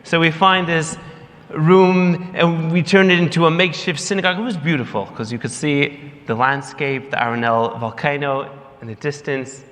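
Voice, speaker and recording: A man giving a lively storytelling speech at a gala, acting out the people in his story. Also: a little high, moderate pace. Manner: lively storyteller, mimics others in quotes. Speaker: gala speaker for the organization. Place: large banquet hall. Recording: long hall reverb.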